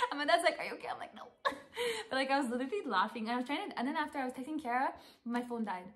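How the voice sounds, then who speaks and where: A young woman tells a story on her vlog, fast and chatty. Her voice sits a little high, and she rambles through fillers and restarts with quick bursts of laughter. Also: animated, a bit bright. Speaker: vlogger. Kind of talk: casual storytelling.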